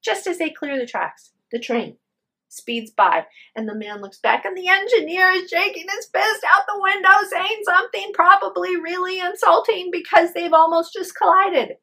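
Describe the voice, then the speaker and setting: A woman's voice: extremely high pitch, normal speed, creaky, pushed and bright. A woman telling a spoken ghost story with drama, acting out the voices of her characters.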